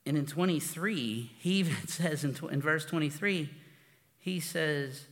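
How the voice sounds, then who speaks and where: A man's voice: on the high side, unhurried, fairly bright tone. A pastor giving a conversational sermon, informal and storytelling, often restarting his sentences. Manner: informal and storytelling, with frequent restarts and "you know". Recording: long hall reverb.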